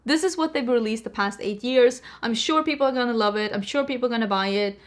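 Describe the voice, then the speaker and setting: A woman hosting a beauty channel, talking casually to camera in a chatty, animated way with jokey rants. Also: a little high, fast.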